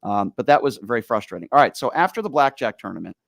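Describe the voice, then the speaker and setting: A man's voice: mid-range voice, fast, creaky, no room sound. Dry-sounding male talk radio host. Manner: animated storytelling, exasperated. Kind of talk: casual talk radio chat.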